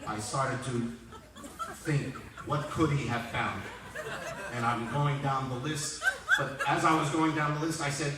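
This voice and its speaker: A man's voice: medium pitch, fairly even intonation, unhurried. Man in his sixties roasting from afar. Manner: dry joke delivery, self-mocking anecdotes. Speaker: roast speaker. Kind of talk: roast comedy storytelling. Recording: echoey hall from far off, loud noise.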